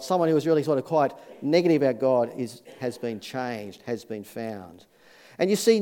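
A man's voice: fairly high pitch, warm tone. A man preaching a sermon in an earnest, folksy way, with many fillers and restarts. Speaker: pastor.

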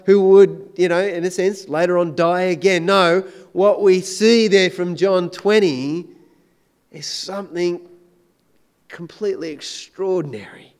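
A man preaching a sermon, swinging between loud emphatic declarations and hushed, intense questions. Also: sits high, a little slow, clear, resonant tone.

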